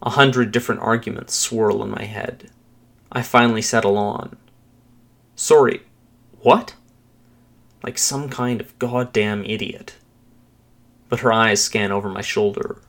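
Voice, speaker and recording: A man narrating a first-person thriller story with a steady, measured dramatic reading. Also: on the low side, gravelly.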